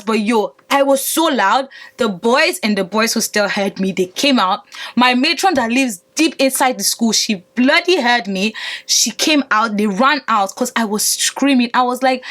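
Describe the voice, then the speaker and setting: A young woman vlogger telling a dramatic storytime to her viewers, emphatic and animated, calling out to them as guys. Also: fairly high pitch, moderate pace. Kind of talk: storytime vlog.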